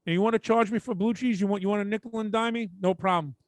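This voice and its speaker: A man with a thick Brooklyn accent chats on a podcast in a high, up-front voice. The sound is dry and close. He tells stories with plenty of cursing and acts out the voices in them. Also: quick pace, dry recording. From Brooklyn, New York. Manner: animated storyteller, swears freely, acts out both sides of conversations. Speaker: podcast co-host. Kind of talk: casual chat.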